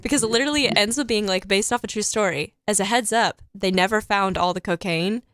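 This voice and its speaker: A teenage girl chats eagerly about a film, peppering her talk with "like" and quick laughs. Her voice sits at a middle pitch. The room sound is dry and close. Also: fairly bright tone, no echo. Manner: chatty, laughs often, heavy use of "like". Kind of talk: casual chat about a movie.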